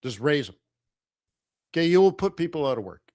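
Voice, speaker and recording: A forex trading livestream host talks in a casual, rambling, conversational way, chuckling often as he gives commentary on his live stream. His voice is a little high and mellow, very animated and fairly quick, with no room sound.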